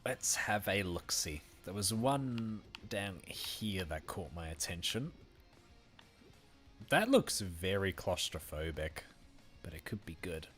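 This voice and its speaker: A deep-voiced Australian man from Western Australia streams a game and chats casually with his viewers, speaking slowly with big pitch swings and a slightly bright tone. He laughs often and thanks people by name, with faint music behind him.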